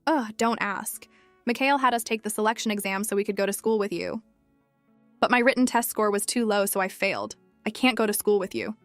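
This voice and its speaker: A woman's voice: medium pitch, a little fast, a bit bright, dry recording, soft background music, close to an everyday voice. A woman voicing an eager, earnest young boy who fiercely protects his sister. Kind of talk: storybook narration.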